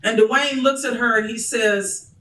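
A woman minister delivers a sermon. Her tone is bright and forceful, and she sounds like she is standing well back from the microphone. The church around her is roomy and echoey. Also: on the high side, steady tone, measured pace, slight background noise. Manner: storytelling, building to fervent shouted preaching. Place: church sanctuary. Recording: echoey church from a distant mic.

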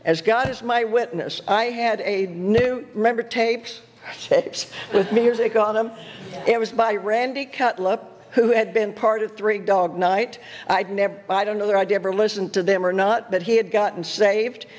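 An older woman giving a guest sermon, telling personal stories in an animated way, laughing and acting out her own thoughts. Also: medium pitch, measured pace. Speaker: guest speaker at church. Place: church sanctuary. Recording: echoey church hall with faint noise.

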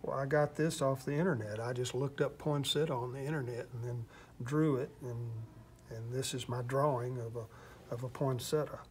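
An older Texan man talks in an easygoing, rambling way, often restarting his sentences and poking fun at himself. His voice sits at an ordinary pitch for a man. A faint hiss of noise runs under it. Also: steady tone, normal speed, darkish tone. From Texas. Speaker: interviewed artist. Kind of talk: casual interview chat.

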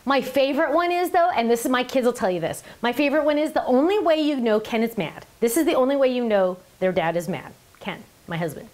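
A woman's voice: a little high, expressive, a little fast, few pauses, a little mellow. A middle-aged woman hosting a casual live stream, chatty and gushing, often laughing and talking aside to the person behind the camera. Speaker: live stream host showing handmade cards.

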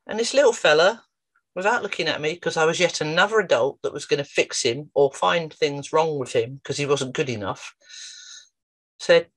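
A woman therapist telling a story in a lively, animated way, her voice jumping up when she retells a scene. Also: low voice, moderate pace. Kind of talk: storytelling talk to camera.

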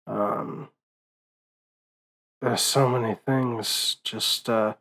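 An exhausted man speaks in an unhurried, meandering way, his speech full of ums and uhs. He swears easily and sounds heavy with grief, like a fan thinking out loud after a loss. His pitch sits in an ordinary middle range. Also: fairly even intonation, poor audio. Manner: profane, grieving, rambling with many fillers. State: tired, late at night. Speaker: movie vlogger. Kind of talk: casual rambling monologue.

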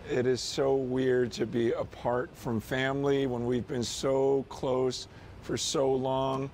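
A man's voice: mid-range voice, little pitch movement, slow, a little mellow, slight background noise. A man pastor sending a casual, earnest video message to his church, talking conversationally with frequent "you know" and "man".

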